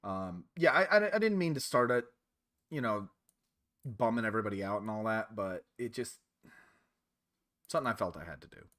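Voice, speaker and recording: A man hosting a let's play in a casual game commentary style, chatty and quick to laugh. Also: on the low side, expressive, a bit bright.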